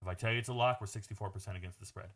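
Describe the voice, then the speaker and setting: A man's voice: on the low side, very fast, a bit bright. A man talking through his sports betting picks in a casual, brash monologue, blunt and swearing freely as he addresses viewers as "bro.".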